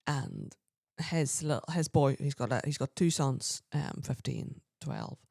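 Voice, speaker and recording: A woman's voice: extremely low pitch, slow, no room sound, studio quality. A woman, co-hosting a podcast and telling a long personal story in casual chat, acting out the voices of the people in it. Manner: chatty, quotes people in lively voices, frequent throat clearing. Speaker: podcast co-host.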